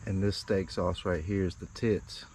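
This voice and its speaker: A man's voice: deep voice, fairly even intonation, unhurried, a little mellow, slight background noise. A man hosting a casual outdoor cooking vlog at a woodland camp, talking to the camera in a laid-back, folksy way. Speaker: bushcraft channel host.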